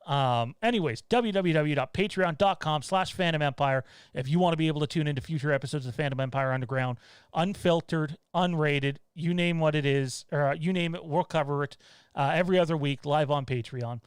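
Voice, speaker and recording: A man's voice: a little high, fairly quick, clean tone, no room sound. A man hosting a casual livestream from home, rambling and blunt, turning heated with swearing. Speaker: show host.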